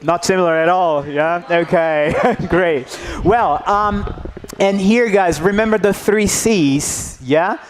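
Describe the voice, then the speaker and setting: A man's voice: high voice, takes it slowly, few pauses, a little hiss or hum. A man leading a teacher workshop, coaxing the audience and checking in with "yeah?" after nearly every point. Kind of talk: interactive workshop talk.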